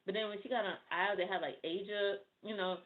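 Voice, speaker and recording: A woman chatting casually with her livestream viewers, excitable and thinking out loud. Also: mid-range voice, fast. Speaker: livestream host. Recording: tinny phone-like audio.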